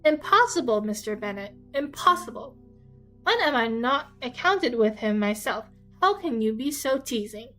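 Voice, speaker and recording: A woman's voice: on the high side, lively intonation, normal speed, a bit bright, soft background music, rough recording. Woman reading as a fretful, fussy mother. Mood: fussing. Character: fretful, excitable middle-aged mother.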